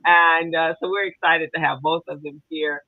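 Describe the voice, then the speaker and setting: A woman's voice: sits low, steady tone, moderate pace, dry recording. A woman co-hosting a casual podcast chat, rambling and chatty, with many fillers and restarts. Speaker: co-host. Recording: tinny phone-like dry sound.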